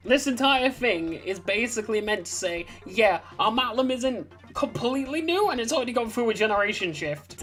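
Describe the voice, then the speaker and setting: A woman reads aloud a story she wrote herself, in a casual and chatty way, and keeps breaking off into side comments. Her pitch is lively and moves up and down a lot. Faint music plays behind her. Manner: rambling, chatty, self-interrupting. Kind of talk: casual reading of her own story with asides.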